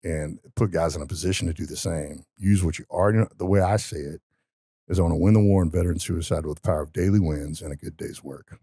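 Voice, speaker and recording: A man's voice: deep voice, quick pace, dark tone, slightly rough, no room sound, clean studio sound. A man telling stories in a casual podcast conversation, emphatic and motivational. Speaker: podcast guest.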